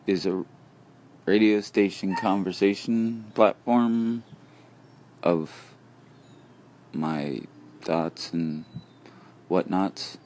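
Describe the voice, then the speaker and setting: A man's voice: sits low, darkish tone, a little hiss or hum. A man hosting a casual solo podcast, talking outdoors into a phone app as he walks, rambling and goofy as he muses aloud. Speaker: podcast host. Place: outdoors, walking around.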